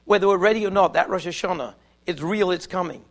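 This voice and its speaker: A man giving a storytelling sermon in Orthodox Jewish English, animated and slowing down to stress his points. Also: sits high, vocal fry. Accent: Orthodox Jewish English with Yiddish and Hebrew words. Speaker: rabbi giving a talk.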